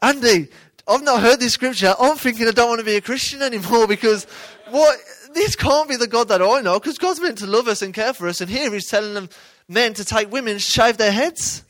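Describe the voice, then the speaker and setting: A man's voice: very high voice, a little fast, few pauses, fairly bright tone, dry recording, pitched above the performer's own voice. A man voicing a troubled churchgoer who sounds exasperated and pleading. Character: troubled young male churchgoer doubting faith.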